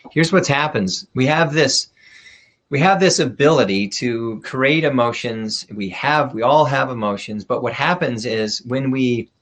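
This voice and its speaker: A man's voice: medium pitch, a little slow, a bit bright. A middle-aged man giving a workshop talk as a leadership coach, direct and blunt in a coaching tone.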